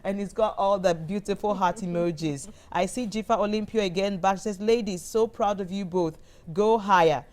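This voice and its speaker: A woman's voice: mid-range voice, normal speed, hardly any pauses, darkish tone. A woman with a Ghanaian English accent hosting a live TV talk show, chatty and bubbly as she reads out viewer comments. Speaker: TV show host.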